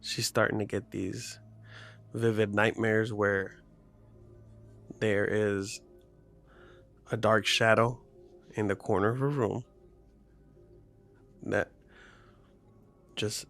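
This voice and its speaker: A man's voice: on the low side, little pitch movement, takes it slowly, gravelly, pauses often, a bit bright, soft background music. A man casually retelling a horror story, rambling with lots of "like" fillers and restarts.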